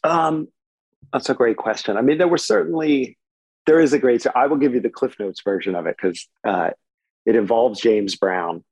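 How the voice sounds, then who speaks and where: A man in his forties, a guitarist guest, telling stories in a relaxed, chatty way with many fillers. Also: medium pitch, normal speed, husky, no room sound, poor audio. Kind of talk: conversational storytelling. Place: home. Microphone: remote recording.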